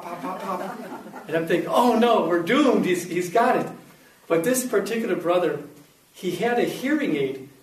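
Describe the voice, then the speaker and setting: A high-voiced man tells a personal story with animated acted-out quotes. He sounds a little distant from the mic, in a room with a noticeable echo. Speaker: speaker giving a faith testimony. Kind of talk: storytelling talk.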